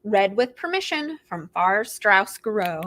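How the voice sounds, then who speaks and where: Slow, lively woman reading to kids. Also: medium pitch. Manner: animated and expressive, with gasps and animal noises. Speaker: children's librarian hosting storytime. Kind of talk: reading picture books aloud to preschoolers.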